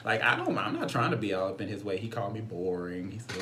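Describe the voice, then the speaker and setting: A man's voice: fairly low pitch, lively intonation, fast, hardly any pauses, pushed and bright, a little hiss or hum. A man co-hosting a casual chat, gossiping animatedly and laughing often. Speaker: podcast co-host and reality show cast member.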